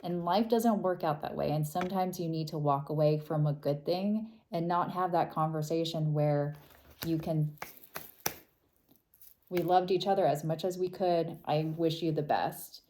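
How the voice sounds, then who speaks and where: A woman talks through a tarot reading to her viewers in a soft, thoughtful way. Her voice is low and mellow, and she takes her time, trailing off and starting over as she goes. It sounds like casual, unhurried talk. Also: fairly even intonation, slight background noise. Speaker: tarot reader.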